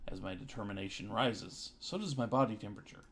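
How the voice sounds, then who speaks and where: A man's voice: on the low side, a little fast, very noisy. A man streaming, reading a visual novel aloud with dry joking asides, with music behind.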